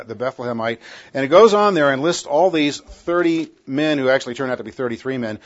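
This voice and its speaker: A man teaching a Bible passage in a conversational sermon, often restarting and correcting himself. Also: mid-range voice. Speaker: pastor. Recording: dull lo-fi sound.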